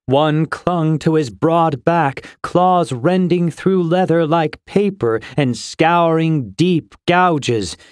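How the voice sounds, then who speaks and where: A man reading a fantasy audiobook in measured, steady storytelling, close to a studio mic. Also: on the high side, dry recording. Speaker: audiobook narrator. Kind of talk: scripted fantasy narration.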